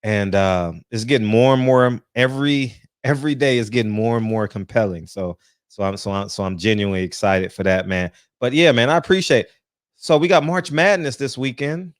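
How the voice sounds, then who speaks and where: A man's voice: mid-range voice, normal speed, dry recording, studio quality. A man hosting a casual livestream, greeting viewers by name and chatting loosely, often tagging lines with "man" and laughing. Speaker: host. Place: home, just out of the shower.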